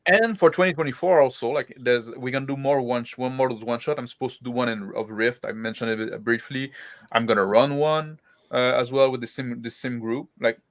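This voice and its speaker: A man's voice: medium pitch, brisk, no room sound. Rambling host man, dry close sound. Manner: rambling, hesitant with fillers. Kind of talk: casual group chat.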